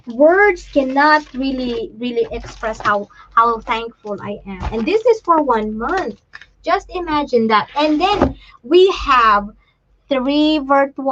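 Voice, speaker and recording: A woman hosting a casual live chat, talking in a halting, emotional way with many restarts while she shows things to the camera. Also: sits high, a bit bright, highs cut off, slight background noise. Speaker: livestream host and parent.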